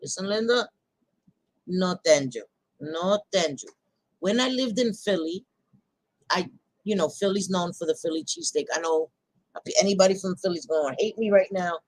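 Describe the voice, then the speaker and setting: A woman's voice: lowish voice, expressive, moderate pace, pauses often, dry recording, low-quality recording. A woman hosting a casual live chat with her viewers, talking bluntly and laughing often, with some swearing. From New York. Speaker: livestream host chatting with viewers.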